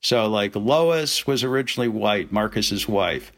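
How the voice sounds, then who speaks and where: A man's voice: lowish voice, unhurried. A man, a film director, telling anecdotes as a guest in a casual interview. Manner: animated anecdotes with acted-out quotes.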